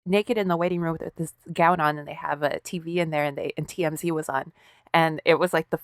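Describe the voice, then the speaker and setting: A woman co-hosting a podcast, telling stories in a casual, profane, animated way. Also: sits low, brisk, no room sound, studio quality. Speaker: podcast co-host. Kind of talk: casual chat.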